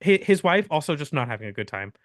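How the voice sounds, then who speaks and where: A young man hosting a podcast, telling a long story in an animated, laughing way with many restarts. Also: fairly high pitch, fast talker, no room sound, clean studio sound. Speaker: podcast host. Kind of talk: casual storytelling chat.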